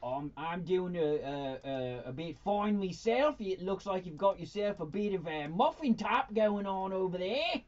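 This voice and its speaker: A man's voice: high-pitched, unhurried, few pauses, a little mellow, muffled recording. Man doing a blokey crude Australian star. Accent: put-on Australian. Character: crass Australian male movie star, middle-aged.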